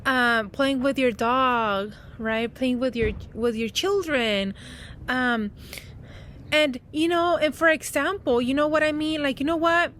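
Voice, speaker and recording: A woman's voice: high-pitched, measured pace, a bit bright, slight background noise. Rambling, comforting woman outdoors. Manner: rambling, comforting, many "you know"s. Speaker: spiritual coach. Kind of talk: casual heartfelt vlog talk.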